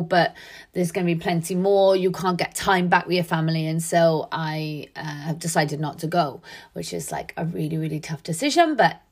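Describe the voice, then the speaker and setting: A woman's voice: lowish voice, husky. A middle-aged woman, giving an earnest, conversational motivational talk full of fillers. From Wales. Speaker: podcast host. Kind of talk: motivational monologue.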